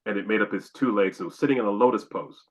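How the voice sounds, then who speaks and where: A man's voice: fairly low pitch, fast, rough recording. A man from Canada, a podcast guest, telling a long personal story and acting out his own exclamations.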